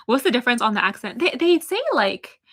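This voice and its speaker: A woman's voice: a little high, very animated, fairly quick, a bit bright. A young woman with a Toronto accent, chatting casually on a live stream, reading out her chat and rambling with lots of fillers and little giggles.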